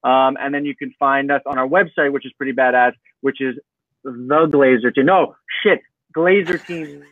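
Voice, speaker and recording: A man's voice: medium pitch, steady tone, normal speed, dry recording. Man, interview guest, video call, tinny thin line, dry, upbeat joker. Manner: upbeat, joking, swears casually.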